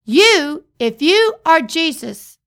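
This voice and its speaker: A woman's voice: very high voice, sing-song, slow, a bit bright. A woman pastor preaching a sermon, reading scripture and repeating phrases for emphasis.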